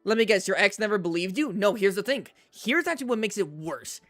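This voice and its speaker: A man streaming, telling a personal story to his chat in a casual, animated way, often checking in with "right?". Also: high-pitched, fairly quick, soft background music. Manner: animated storyteller, repeats himself, says "right?" a lot.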